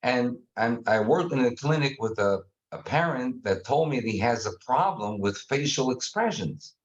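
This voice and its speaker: A man guest explaining a communication method in casual conversation, animated and acting out examples. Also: mid-range voice, normal speed, muffled recording. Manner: animated, acts out examples with faces and sounds.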